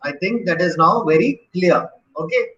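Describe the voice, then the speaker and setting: A man's voice: sits high, moderate pace, fairly bright tone, roomy sound, highs cut off. A man teaching an online grammar lesson, often asking questions and checking in with "right?". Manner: questioning, encouraging, repeats "right?".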